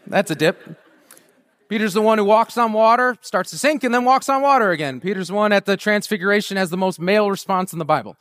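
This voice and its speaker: Male preacher, high-pitched, casual joking delivery that swells into passionate prayer. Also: fast, a bit bright. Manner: conversational and humorous, building to a rousing fervent prayer. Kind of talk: sermon.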